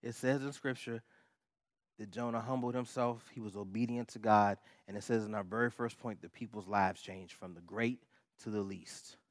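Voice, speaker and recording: A man's voice: lowish voice, steady tone, normal speed, no room sound, studio quality. A male pastor preaching a sermon, emphatic and repetitive, with casual asides to the congregation.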